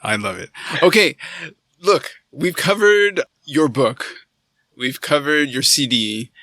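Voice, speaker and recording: A man hosting a podcast interview, talking haltingly and searching for his words. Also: medium pitch, expressive, bright, forceful tone. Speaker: podcast host. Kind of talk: casual interview chat.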